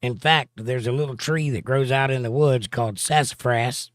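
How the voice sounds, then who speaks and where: Male stream host, mid-pitched, unhurried chat reader, dry close mic. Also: no room sound. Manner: reads viewer comments aloud in a steady conversational drawl. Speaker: livestream host reading chat. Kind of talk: casual chat.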